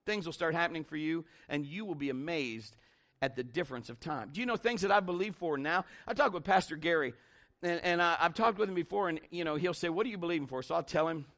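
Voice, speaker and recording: A middle-aged man preaching a sermon in an animated, conversational way, with big swings in pitch.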